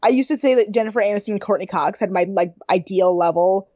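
A woman's voice: medium pitch, fast talker, warm tone, no room sound, lo-fi sound. A young woman co-hosting a podcast, chatting casually and laughing often. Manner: giggly, frequent laughter. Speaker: podcast co-host. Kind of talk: casual chat recapping a reality show.

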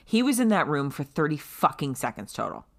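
A woman telling a story in casual chat, animated and swearing freely, loudly acting out what people said. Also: sits low, fairly quick, gravelly. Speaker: guest telling her birth story.

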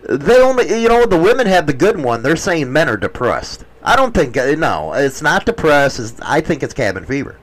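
Animated teasing middle-aged male host. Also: on the high side, normal speed, hardly any pauses, poor audio. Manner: crude, teasing, profane. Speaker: show host. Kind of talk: casual banter on a stream.

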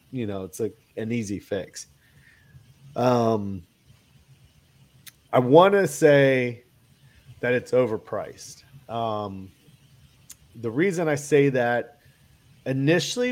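A man's medium-pitched, slightly mellow voice comes from a kayak angler guest who has a cold. His casual talk about kayak gear rambles, with lots of fillers and restarts.

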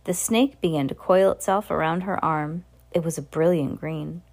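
A woman reading a children's novel aloud with expressive storytelling. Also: deep voice, moderate pace, gravelly. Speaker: reader.

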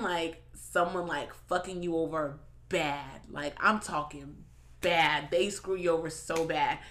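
A woman hosts a podcast, chatting casually with plenty of laughs, swearing and filler "like"s. Her voice is on the low side and a bit bright.

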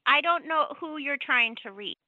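A woman's voice: sits high, animated, moderate pace, sharp tone, muffled recording. A woman working as a car rental agent on the phone, polite but stammering and confused. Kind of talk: phone customer service.

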